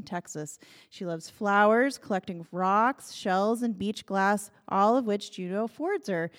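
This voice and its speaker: A woman hosting a storytelling event, introducing the next teller in a formal announcing manner. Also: mid-range voice. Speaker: event host. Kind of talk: reading a stage introduction. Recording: long reverb of a hall.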